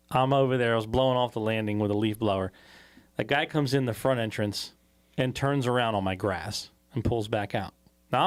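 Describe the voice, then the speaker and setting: A man co-hosting a podcast, telling a profane story in a casual, animated way. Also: mid-range voice. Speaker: podcast co-host. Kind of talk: casual chat.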